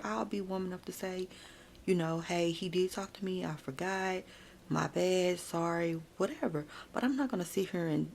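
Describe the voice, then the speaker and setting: Close to the mic, a woman chats through a casual ASMR storytime, speaking directly to viewers and saying "like" and "y'all" a lot. Her voice sits on the low side, a little mellow with vocal fry, over slight background noise.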